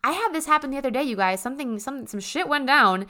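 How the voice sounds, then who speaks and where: A woman's voice: high-pitched, expressive, quick pace, sharp tone. Bubbly, chatty woman host. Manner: bubbly and chatty, with many fillers and asides to listeners. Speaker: host of a self-help show. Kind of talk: casual motivational monologue.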